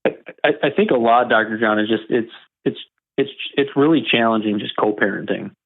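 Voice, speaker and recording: A man's voice: medium pitch, creaky. A male caller who stumbles and restarts as he talks about co-parenting. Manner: halting, stumbles over words. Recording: tinny phone line.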